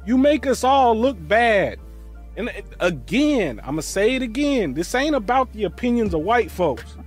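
A man hosting a reaction show, giving loud, animated commentary and swearing freely. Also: high-pitched, normal speed, breathy edge, soft background music. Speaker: host.

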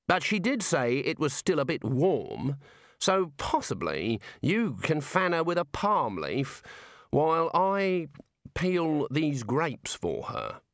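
A man voicing a fussy, smug old male wizard who drawls calmly. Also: on the high side, slow pace, dry recording, clean studio sound, voice pushed up, full character voice.

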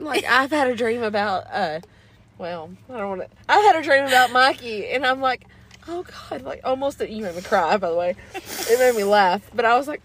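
A woman in casual chat, teasing and joking, with quick laughs. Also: fairly high pitch, expressive, fairly bright tone.

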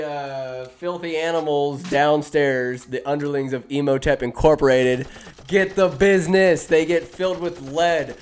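A man breezily walks through a movie scene by scene, speaking quickly and with lots of energy and tossing in fast impressions of the characters. His voice is a little high, and there's a faint hiss or hum.

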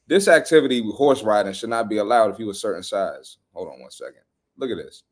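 A man hosting a fitness podcast, giving blunt, animated reaction commentary on social media posts with slangy trash talk. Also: lowish voice, fairly quick.

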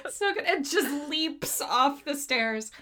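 A woman co-hosting a casual chat, animated and often laughing as she talks. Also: high voice, slow, crowd noise. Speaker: podcast co-host. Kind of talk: casual chat reviewing favorite movie quotes.

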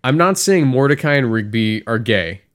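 A man's voice: mid-range voice, expressive, moderate pace, clean tone. A man co-hosting a podcast, telling a long rambling story in casual chat and acting out the characters' lines. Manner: rambling storyteller, acts out cartoon voices. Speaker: podcast co-host.

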